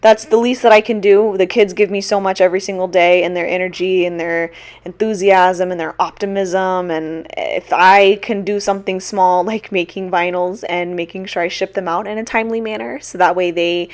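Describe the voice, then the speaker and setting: A woman's voice: lowish voice, steady tone, moderate pace. A young woman who teaches, chatting casually through a Q&A on her own mic, self-deprecating and laughing often. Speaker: teacher and small-shop vlogger. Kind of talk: casual Q&A chat.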